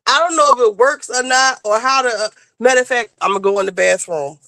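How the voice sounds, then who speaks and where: A woman's voice: fairly high pitch, brisk, fairly bright tone, no echo. A woman co-hosting a chat show, telling a rambling story casually with lots of fillers and swearing, on a clip-on microphone. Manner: rambling, profane, full of fillers. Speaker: podcast co-host. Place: moving around indoors, then heading out.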